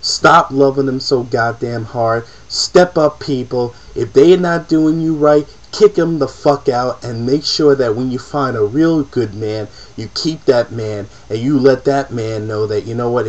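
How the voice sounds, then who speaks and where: A man's voice: mid-range voice, rough recording. A man in an emotional, profane personal rant to camera, repeating himself as he presses his point. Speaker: vlogger.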